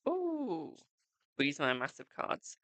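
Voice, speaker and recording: A man's voice: a little high, wildly swooping pitch, slow pace, sharp tone, no room sound. A man streaming live, reading tarot cards and chatting with viewers, calling them "my darling". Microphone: desk microphone.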